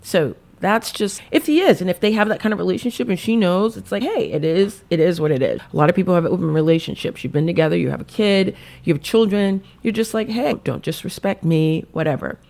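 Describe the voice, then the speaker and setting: A woman hosting a podcast, recapping a reality show in casual, animated chat and dropping "like" often. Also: lowish voice, creaky. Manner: chatty and animated, heavy use of "like"; puts on quick voices when quoting people. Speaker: podcast host.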